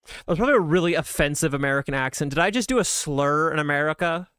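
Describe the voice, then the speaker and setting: A man's voice: on the high side, expressive, fast, fairly bright tone, clear, resonant tone. Chatty joking male streamer. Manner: rambling, self-deprecating and joking. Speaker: livestreamer. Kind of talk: casual live-stream chat.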